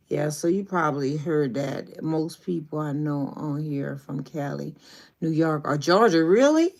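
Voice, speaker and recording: A woman's voice: deep voice, measured pace, creaky, a little mellow. A woman from New Orleans with a Southern accent, chatting casually on a livestream as a YouTube coach and greeting viewers by name. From New Orleans, Louisiana.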